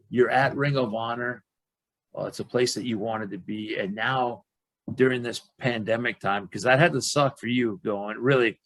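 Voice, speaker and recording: Gravelly man hosting an interview. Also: lowish voice, a bit bright, no room sound, rough recording. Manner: rambling, with many fillers and restarts. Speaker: interviewer, host. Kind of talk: casual interview.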